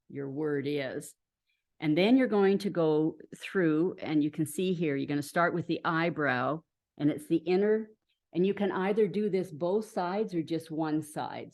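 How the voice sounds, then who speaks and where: A woman with a low voice leads a group through a meditation exercise. She talks informally and chattily over a video call, with plenty of fillers and easy laughter. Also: darkish tone. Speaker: meditation teacher. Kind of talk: casual instructional talk guiding a group practice.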